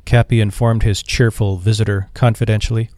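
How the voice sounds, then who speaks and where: Guy reading an old short story, steady and expressive, dry mic. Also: fairly low pitch, brisk, dry recording. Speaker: narrator. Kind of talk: audiobook narration.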